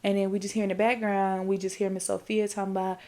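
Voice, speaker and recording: A woman's voice: medium pitch, little pitch movement, fast, warm tone. Woman rambling through a casual movie recap. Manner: rambling and profane, with repeated fillers; talks straight to the audience. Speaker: podcast host.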